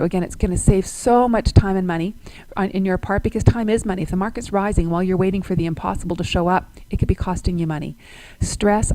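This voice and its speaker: A woman's voice: mid-range voice, darkish tone, dry recording, low-quality recording. Upbeat woman giving a webinar. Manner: upbeat, explains with examples and questions. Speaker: real estate agent presenting a webinar. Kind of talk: webinar presentation.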